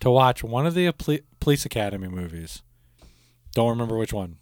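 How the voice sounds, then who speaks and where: Man, podcast co-host, lively swooping delivery, teasing and profane, dry close sound. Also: medium pitch, fairly quick, clear, resonant tone, dry recording. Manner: laughing, teasing storyteller, swears freely. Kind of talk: casual chat.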